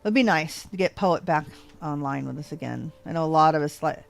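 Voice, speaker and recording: Rambly older lady with a hint of drawl, kinda low voice, soft music behind. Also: a little fast, creaky. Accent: American, slight Texas drawl. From American West Coast. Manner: rambling, chatty, self-correcting. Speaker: let's play host. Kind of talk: casual gameplay chat. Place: home, living in Georgia.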